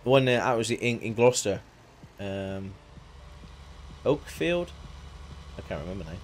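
A man's voice: fairly low pitch, animated, measured pace, slight background noise. A man chatting casually on a live game stream, joking, laughing and thanking viewers by name.

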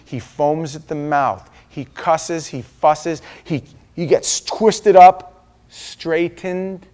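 A man's voice: on the high side, very slow, darkish tone, pitched above the performer's own voice. A preacher voicing a desperate, pleading father. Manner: pleading, rising urgency. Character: desperate father begging help for his son.

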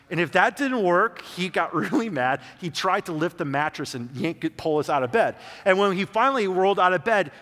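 Young guy pastor telling stories in a sermon, kinda high voice, lots of "like", echoey church. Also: sharp tone. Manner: conversational storytelling, many "like"s. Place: church sanctuary. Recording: church hall reverb.

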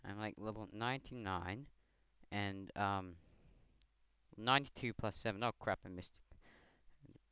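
A man's voice: lowish voice, measured pace, long pauses, bright, forceful tone, clear, resonant tone, no echo. A teenage man from Scotland with a Scottish accent, giving rambling, self-mocking game commentary over a headset mic, swearing often. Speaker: gamer. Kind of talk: gameplay commentary.

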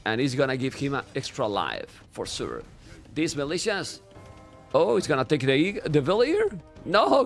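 Animated Spanish-accented man casting a game. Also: on the high side, vocal fry. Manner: animated, chatty, teasing the chat. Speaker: game caster. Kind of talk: live esports commentary.

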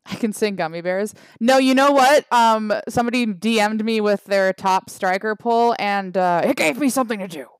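A woman's voice: mid-range voice, normal speed, few pauses, clean tone, dry recording, studio quality. A Canadian woman streaming a mobile game, chatting casually and wryly with her chat, trailing off with fillers. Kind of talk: casual livestream chat reading the chat.

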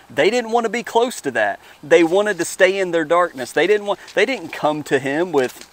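A man giving an informal devotional talk, earnest and animated, speaking straight to his viewers from outdoors in his lawn. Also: high voice, normal speed. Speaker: devotional vlogger.

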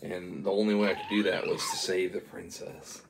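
A man's voice: sits low, fairly even intonation, fairly quick, creaky, noisy background. A man doing a slangy, laid-back monkey genie.

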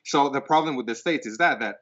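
A man's voice: medium pitch, fairly quick, a bit bright. A man in casual podcast chat, arguing his point bluntly. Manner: argumentative, blunt. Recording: muffled lo-fi audio.

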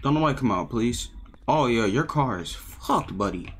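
A man's voice: medium pitch, expressive, normal speed, fairly bright tone, slight background noise. Slangy, cursing young male gamer. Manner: profane, slangy, jumpy reactions. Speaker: gaming streamer. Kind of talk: live horror game commentary.

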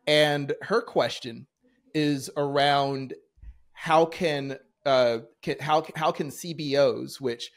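A man hosting an interview, asking questions and reading them out from the audience, halting with many "uh" sounds. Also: a little high, fairly even intonation. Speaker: interview host.

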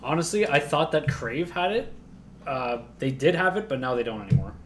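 A young man co-hosting a casual podcast, animated and retelling scenes with quick put-on voices. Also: mid-range voice, slight background noise. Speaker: podcast co-host. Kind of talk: casual chat.

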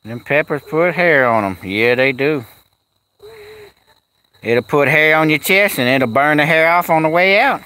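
A man's voice: on the high side, unhurried, long pauses, bright, forceful tone. A man chatting casually on a live stream outdoors at a kennel, cooing at his animals and answering the chat in a folksy way.

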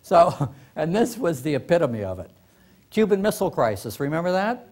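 Animated storytelling man, laughing often. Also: on the high side, normal speed. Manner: animated, laughing often, acts out quoted voices. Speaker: author giving a workshop talk. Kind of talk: comic storytelling to a live audience. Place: library meeting room.

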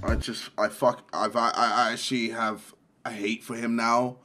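A man playing video games and commenting on them, shouting and swearing, swinging from yelling to low muttering. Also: flat delivery, moderate pace, over music. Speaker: gamer commenting on his own play. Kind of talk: loud gaming rage commentary.

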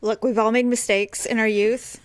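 A woman's voice: on the high side, flat delivery, moderate pace. Giggly, candid woman podcast host. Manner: candid, giggly, self-deprecating. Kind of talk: casual podcast chat.

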